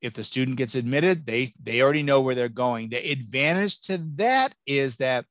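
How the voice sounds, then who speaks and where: A man giving an animated, joking college admissions talk and taking audience questions. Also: medium pitch, moderate pace, few pauses, no echo. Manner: lively, jokey, exclamatory. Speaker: college admissions keynote speaker.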